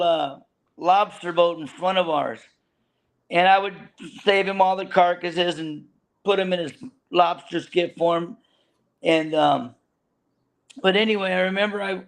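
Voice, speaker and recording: Gravelly animated man telling fishing yarns. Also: high voice. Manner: rambling, animated storyteller with frequent restarts and laughter. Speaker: guest, veteran fishing boat deckhand. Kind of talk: casual storytelling chat.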